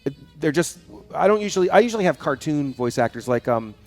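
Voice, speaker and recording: A man chatting as a guest on a live show, rambling and telling animated stories with frequent laughs. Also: on the high side, fast talker, faint music behind. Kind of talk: casual chat. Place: studio.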